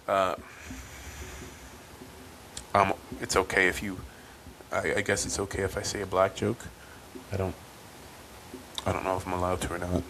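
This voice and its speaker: A man's voice: low-pitched, fairly bright tone, rough recording. A man hosting a podcast, telling a rambling, casual story with many ums and restarts. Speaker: podcast host. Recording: faint background noise.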